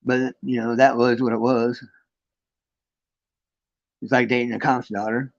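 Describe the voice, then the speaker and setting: A man tells a personal spiritual experience on his livestream, rambling, restarting sentences and swearing freely. He stops now and then to read and greet his chat. His mid-pitched voice comes through slightly dull, lo-fi stream audio. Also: level tone, unhurried, creaky. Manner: rambling, frequent restarts and profanity; reads and greets chat between story. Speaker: livestream host. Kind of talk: casual storytelling on a livestream. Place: his friend's home.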